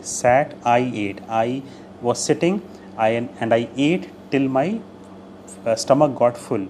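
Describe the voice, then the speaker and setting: A man's voice: medium pitch, a little mellow. Man teaching vocabulary, slight background hiss. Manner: explanatory, repeats key phrases, occasional Hindi glosses. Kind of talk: video vocabulary lesson.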